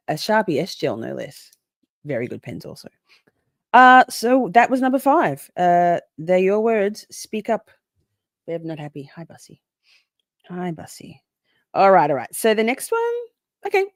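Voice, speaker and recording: Low-voiced sarcastic woman streamer. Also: no echo, clean studio sound. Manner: profane, sarcastic, laughing asides. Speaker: commentary streamer. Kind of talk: casual reaction commentary.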